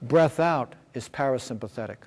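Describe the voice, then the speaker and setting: A man's voice: mid-range voice, moderate pace, a little mellow. Man lecturing in an echoing hall. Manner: explains step by step, with many fillers and check-ins. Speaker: workshop presenter. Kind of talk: lecture with slides. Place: school room. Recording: long hall reverb.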